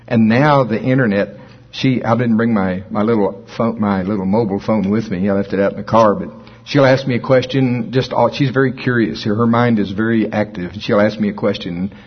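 On a dull lo-fi recording, a sixty-something preacher delivers his sermon as folksy storytelling. His voice is lowish and slightly rough, and he chuckles at his own jokes.

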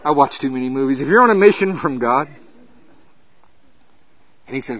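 Animated male preacher. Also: a little high, moderate pace, long pauses, husky, dry recording, dull audio. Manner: animated storytelling, laughing often. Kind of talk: sermon.

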